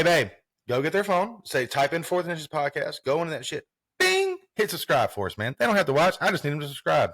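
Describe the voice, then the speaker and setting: A man's voice: medium pitch, fairly bright tone, dry recording, studio quality. A man co-hosting a sports podcast, chatting loosely and casually with plenty of swearing. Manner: loose, profane, laid-back banter. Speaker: podcast co-host.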